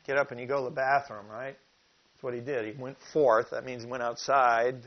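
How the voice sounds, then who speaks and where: A man preaching a sermon who teaches from scripture, asks the listeners questions and reads verses slowly with emphasis. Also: mid-range voice, steady tone. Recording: dull lo-fi recording.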